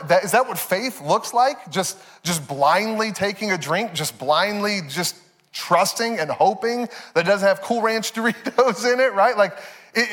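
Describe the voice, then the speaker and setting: A man in his thirties, a pastor preaching a sermon, telling family stories with frequent laughs and fillers. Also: high-pitched. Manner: animated, laughing through stories, many fillers. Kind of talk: sermon with personal storytelling. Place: church sanctuary. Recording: long reverb of a church hall.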